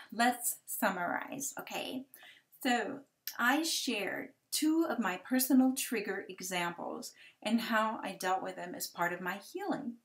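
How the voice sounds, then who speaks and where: Slow, gentle woman sharing testimony. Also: medium pitch. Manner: gentle, halting, with hesitant restarts. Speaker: ministry speaker sharing testimony. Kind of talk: personal testimony talk.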